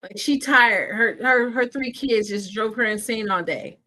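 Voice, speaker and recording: A woman with a slightly high voice chats casually as she hosts a live movie watch party. Her commentary is playful and full of slang. She sounds tired from an early start. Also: measured pace, sharp tone. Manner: chatty and playful, with slangy asides.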